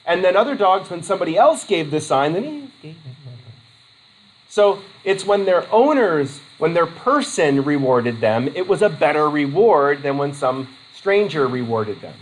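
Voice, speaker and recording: Male college instructor, casual classroom talk, digressive and joking, a touch high-pitched. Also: animated, normal speed, hardly any pauses, rough recording. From Vermont. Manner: rambling, jokey asides. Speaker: college lecturer.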